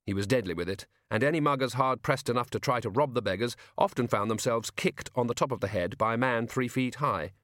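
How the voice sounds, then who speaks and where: A man reading a novel aloud as an audiobook narrator, with wry, expressive storytelling. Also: mid-range voice, a little fast, few pauses, no echo, studio quality. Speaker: audiobook reader. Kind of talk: scripted narration.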